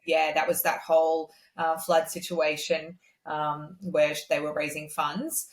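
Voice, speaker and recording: An Australian woman with a fairly low voice speaks as a guest on a podcast. She tells her story casually and fills her talk with "um" and "like". Her voice rings in a roomy, echoey space. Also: unhurried. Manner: animated, acts out others' lines in a much higher voice; many "um" and "like" fillers. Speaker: guest singer-songwriter.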